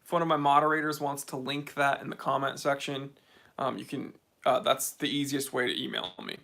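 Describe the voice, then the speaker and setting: An American man hosts a laid-back livestream Q&A for a watch channel from his home game room, reading viewer comments aloud and answering them. His medium-pitched voice is level, a little fast, creaky, pushed and bright.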